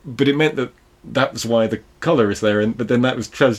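A man's voice: mid-range voice, brisk. A man co-hosting a podcast, talking through a film in a rambling, casual way, often restarting his sentences. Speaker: podcast co-host.

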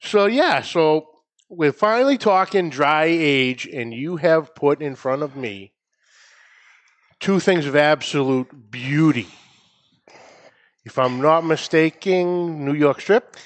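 A man hosting a podcast in a studio, speaking with a New England accent. He has a somewhat high voice and an upbeat, playful manner, laughing easily between lines. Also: expressive, slow pace. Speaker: podcast host. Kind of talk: casual podcast chat.

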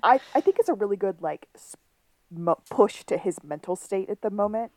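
A woman co-hosting a podcast, recapping a TV episode in casual chat and acting out quick lines from scenes. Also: mid-range voice, expressive, darkish tone, no room sound. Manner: chatty, retells scenes with quick quoted lines. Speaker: podcast co-host.

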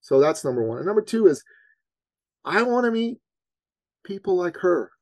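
A man, a business coach, telling a personal story on a podcast in an earnest, animated way that leans on his faith. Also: high-pitched, normal speed, no echo. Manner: animated storyteller, acts out his own panic.

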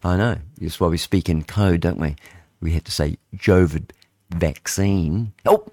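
A man in his sixties hosts a radio show with a somewhat low voice. He rambles through headlines in a loose, chatty way, thinking aloud as he goes. The studio sound is close and dry. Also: unhurried, a little mellow, dry recording. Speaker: radio host. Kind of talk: casual radio chat, reading headlines aloud.

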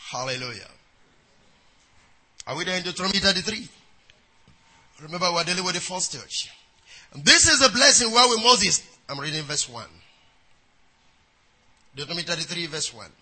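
A man preaching a sermon who reads scripture aloud in a measured cadence and often checks in with his congregation, with quick prayerful asides. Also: high-pitched, lively intonation, pushed and bright, poor audio.

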